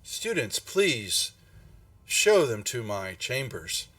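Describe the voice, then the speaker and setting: A man's voice: mid-range voice, sing-song, takes it slowly, fairly bright tone, dry recording, far from the mic. A man voicing an unseen master who formally greets guests and commands students. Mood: commanding.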